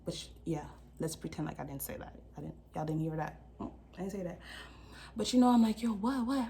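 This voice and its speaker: A young woman vlogger telling a story in a casual, slangy, animated way, acting out the people in it. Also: on the low side, a little fast, gravelly, slight background noise.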